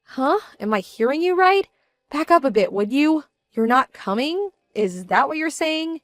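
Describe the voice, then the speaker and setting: A woman voicing a young bride-to-be who sounds indignant, measured and cold. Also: sits high, animated, no room sound, studio quality. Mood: incredulous. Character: young bride-to-be, hurt and proud, quietly fierce. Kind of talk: scripted story drama.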